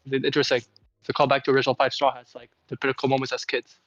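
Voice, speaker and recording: A man's voice: mid-range voice, flat delivery, racing, a bit bright, dry recording, highs cut off, soft background music. A man on a video call chatting casually as a stream guest, stammering and repeating words. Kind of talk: casual chat.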